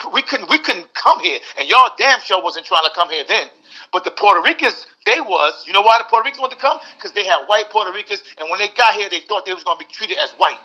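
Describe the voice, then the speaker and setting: Older man, high bright voice, heated podcast rant, dull lo-fi sound. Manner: animated, mimics voices, repeats words. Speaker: guest. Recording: dull lo-fi audio.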